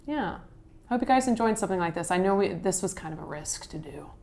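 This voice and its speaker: A woman's voice: on the low side, animated, fairly quick, creaky, mellow. A woman hosting a live stream, signing off to her chat in a loose, upbeat way with many fillers. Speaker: streamer host. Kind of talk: casual stream sign-off chat.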